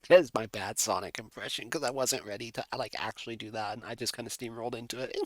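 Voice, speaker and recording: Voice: medium pitch, very animated, fast talker, no echo. A streamer chatting casually while drawing, playful and rambling, with frequent giggly asides. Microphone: desk microphone.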